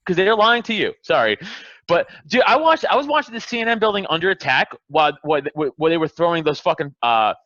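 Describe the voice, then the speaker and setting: A man's voice: on the high side, animated, fast talker, a bit bright, no echo, highs cut off. A man hosting a casual podcast chat, ranting in a heated, profane, emphatic way. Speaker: podcast host.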